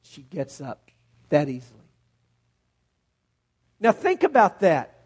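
A middle-aged man preaching a sermon as pastor, telling a Bible story with animated storytelling and acting out the scenes in voices. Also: a little high, slow pace, breathy edge.

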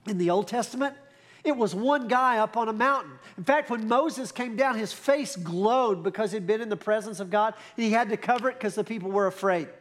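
A man preaching a sermon, animated and conversational, with frequent asides to the congregation. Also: sits high, brisk. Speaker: pastor.

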